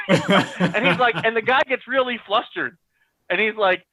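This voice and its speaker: A man telling a story with lots of animated acted-out dialogue, on a video call. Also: high-pitched, moderate pace, no room sound. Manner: excited, acts out quoted dialogue. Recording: dry tinny phone-like audio.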